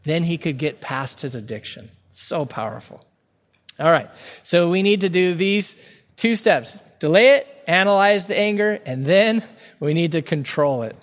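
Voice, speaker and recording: A male pastor delivering a sermon in an earnest, emphatic way, often doubling back on his words as he presses a point. His voice sits high for a man. It rings out with a long reverb, as in a large hall. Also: normal speed. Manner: earnest, emphatic preaching with frequent restarts.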